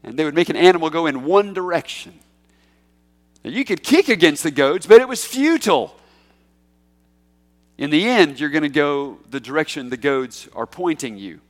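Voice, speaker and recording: A man preaching through a passage of scripture, his voice sitting a little higher than most men's. He is emphatic and swells to loud peaks on key lines. The sound carries the long reverb of a large church hall. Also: normal speed. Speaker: pastor. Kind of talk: expository sermon.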